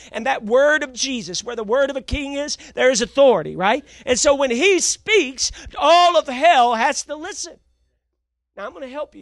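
A male preacher delivering a sermon who keeps asking his congregation if they are ready, swinging between loud declarations and hushed asides. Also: very high-pitched, dry recording. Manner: call-and-response, asks the congregation "you ready?".

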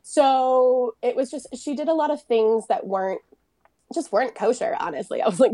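A woman, a guest on a casual podcast, telling a personal story in an animated way, acting out what was said and laughing often. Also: a little high, normal speed, dry recording. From United States. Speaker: guest, photographer and business owner.

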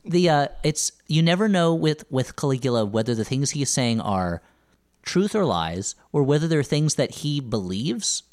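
A man's voice: medium pitch, sing-song, moderate pace, darkish tone. Man explaining history casually. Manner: thoughtful, explaining, restarts. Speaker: podcast co-host, history expert. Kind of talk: casual chat.

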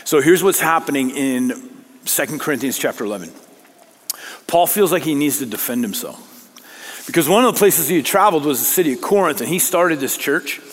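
A man's voice: fairly high pitch, expressive, fairly quick, big-room sound. A man preaching a sermon, conversational and self-deprecating, reading scripture dramatically. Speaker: pastor.

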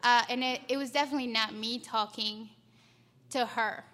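A young woman sharing her recovery story at a meeting, halting and emotional, close to tears. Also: a little high, fairly even intonation, fairly bright tone. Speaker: short speaker at a recovery meeting. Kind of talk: personal recovery share.

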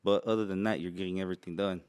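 A man's voice: deep voice, fairly even intonation, racing, a little mellow, clean tone, no echo, studio quality. A man chatting casually as a podcast guest, laid-back, swearing and laughing often. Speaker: podcast guest, truck brand owner. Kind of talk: casual chat.

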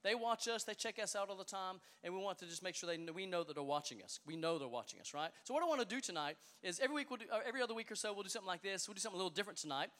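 A man's voice: high-pitched, expressive, racing, hardly any pauses, pushed and bright, in a large hall. A man leading a youth service, joking and hyping up the crowd in a playful, upbeat way. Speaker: youth pastor. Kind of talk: energetic crowd hype talk. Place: large hall with a live youth audience.

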